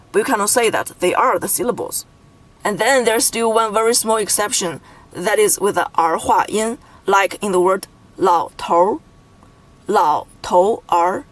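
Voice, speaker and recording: Woman from Beijing, Mandarin teacher; measured explanatory lesson delivery, slow and deliberate on examples. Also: mid-range voice, fairly bright tone, poor audio.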